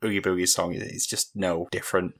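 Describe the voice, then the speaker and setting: A man co-hosts a casual film podcast in a lowish voice. He states his opinions bluntly and matter-of-factly. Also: little pitch movement, fairly quick. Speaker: podcast co-host.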